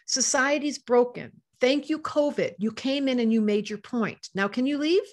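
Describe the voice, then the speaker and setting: A woman's voice: on the high side, expressive, normal speed. An older woman teaching astrology to a live online audience, passionate and emotional, reading out chat comments as she talks.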